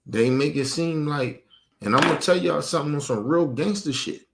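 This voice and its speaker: A man with a somewhat high voice pours out an angry, profane rant about his family. He talks emphatically and hammers his points home, sounding like a streamer venting to his viewers. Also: moderate pace, gravelly, noisy background. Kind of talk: heated personal rant.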